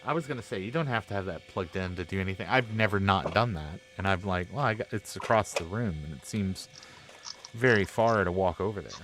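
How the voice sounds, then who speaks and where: A man's voice: sits low, brisk, a bit bright, low-quality recording. A man in a casual group chat who jokes around and rambles. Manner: joking, rambling.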